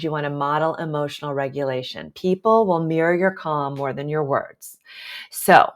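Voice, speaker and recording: A woman with a low voice coaching on leadership, walking through slides in a calm and deliberate way. She stays steady and clear, and now and then breaks in with a light, friendly aside. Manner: calm, deliberate, with warm asides and quick laughs. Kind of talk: presentation with slides.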